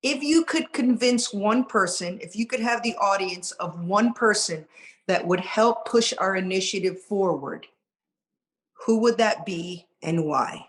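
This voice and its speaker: A woman's voice: mid-range voice, measured pace, rough recording. A woman hosting a podcast interview, friendly and affirming as she wraps up with a last question. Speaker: podcast host.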